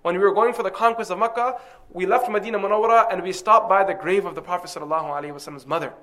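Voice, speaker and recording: A male preacher delivers a religious lecture in a rapid, emphatic flow, dropping into recited Arabic quotations. His voice sits high and rings bright and forceful. He pushes through his points with steady intensity.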